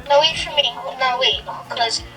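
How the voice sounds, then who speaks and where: High, bright young woman gaming, distant mic. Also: normal speed, faint music behind. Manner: excitable, giggly, pleading. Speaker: gameplay host. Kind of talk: casual gaming chat. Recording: distant mic with faint noise.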